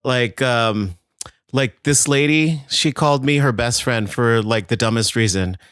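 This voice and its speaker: A man's voice: medium pitch, unhurried, clean tone, no room sound, studio quality. Stammering man telling a story. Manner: storytelling, animated, stammering restarts. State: tired. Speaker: podcast co-host. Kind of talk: casual chat.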